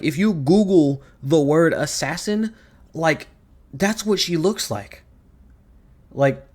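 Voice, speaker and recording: A man giving a ranting video review, sarcastic, profane and exasperated. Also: mid-range voice. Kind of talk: ranting commentary.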